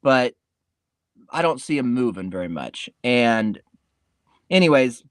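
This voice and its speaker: A man's voice: medium pitch, very animated, slow, smooth, no echo, clean studio sound. A man hosting a podcast in a rambling, laid-back comedic monologue, swearing casually. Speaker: podcast host.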